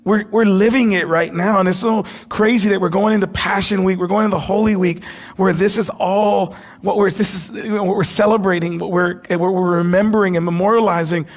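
High-voiced pastor preaching. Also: male voice, steady tone, brisk. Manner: impassioned preaching, drops to a hush for quoted words. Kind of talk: sermon. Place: church sanctuary.

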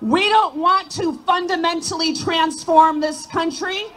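A woman giving a shouted rally speech outdoors, leading the crowd in chants. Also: very high voice, steady tone, a little slow, noisy background. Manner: chanting, call-and-response with crowd. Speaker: rally speaker.

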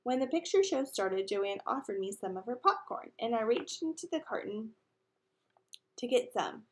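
A woman reading a children's novel aloud, lively, with asides to her listeners. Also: medium pitch. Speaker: reader.

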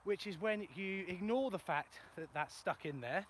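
Tradesman host, raised pitch, self-mocking, casual live-stream chat in the open countryside. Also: normal speed, a bit bright, a little hiss or hum. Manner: chatty, self-mocking, answers viewer questions. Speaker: plumber and video host. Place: outdoors in a ploughed field in the countryside. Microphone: phone for a live video.

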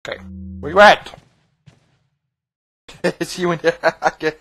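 A man playing through a video game and commenting casually, excitable, yelling at enemies and laughing. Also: fairly high pitch, a little slow, noisy background. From United Kingdom. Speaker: let's play gamer.

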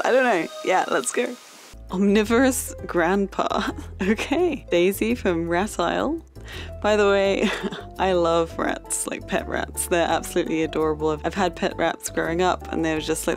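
A young woman hosting a gaming channel, chatting casually over her gameplay in a bubbly, gushing way with frequent giggles. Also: fairly low pitch.

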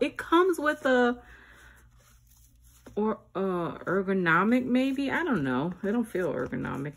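A woman, chatting excitedly to viewers in a casual unboxing vlog, calling them y'all. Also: slight background noise. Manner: squeals up high when thrilled. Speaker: vlogger.

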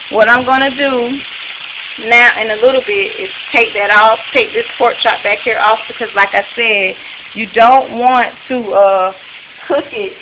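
Chatty woman over sizzling pans. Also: a little high. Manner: relaxed, chatty, with many fillers. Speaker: cooking video host. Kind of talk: casual step-by-step cooking demo. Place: home kitchen. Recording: noisy home video with pan sizzle. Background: frying and sizzling pan.

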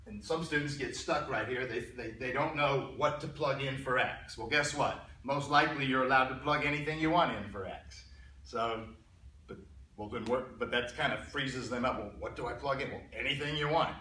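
A man teaching a college algebra class, pausing, restarting and often clearing his throat as he asks the students questions. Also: medium pitch, pushed and bright, a little hiss or hum. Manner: halting, repeats words, clears throat often. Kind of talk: classroom lecture. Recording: echoey classroom from far off.

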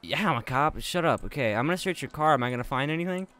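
A man playing a corrupt cop in online game roleplay, barking orders, mocking, quiet aside commentary in between. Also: a little high, expressive, quick pace, no room sound. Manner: bossy, barking commands, mocking. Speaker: roleplay player as a police officer.

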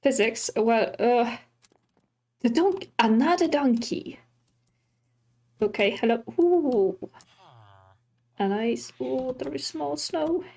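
Slow-talking woman narrating her gameplay. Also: high-pitched, expressive, creaky, darkish tone. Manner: chatty, easily startled, talks to animals and villagers. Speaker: streamer. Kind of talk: casual gameplay commentary.

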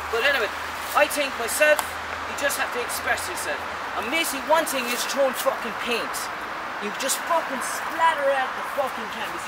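A man, an artist, delivering an angry, rambling, profanity-filled rant. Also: extremely high pitch. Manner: angry, swears constantly, rambling. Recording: distant voice, loud outdoor street traffic.

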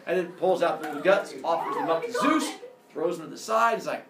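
A man's voice: fairly high pitch, sing-song, fairly quick. A man retelling a myth in a casual, jokey way, full of sound effects, recorded in a roomy space from a distant mic with faint noise. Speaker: storyteller.

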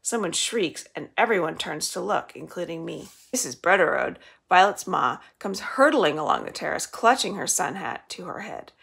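Woman librarian reading aloud, storybook delivery; low, husky voice. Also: animated, moderate pace, hardly any pauses, fairly bright tone.

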